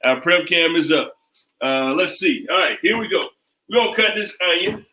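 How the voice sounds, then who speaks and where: A man's voice: fairly high pitch, animated, moderate pace, sharp tone. A man hosting a casual cooking livestream from his home kitchen, talking loosely and repeating phrases like a chant. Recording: echoey kitchen, mic at a distance.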